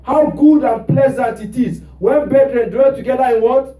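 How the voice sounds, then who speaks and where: A man's voice: extremely high pitch, moderate pace, dark tone, far from the mic. A male pastor preaching a sermon in a church, prompting the congregation with rhetorical "what?" questions. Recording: roomy church sound from off mic.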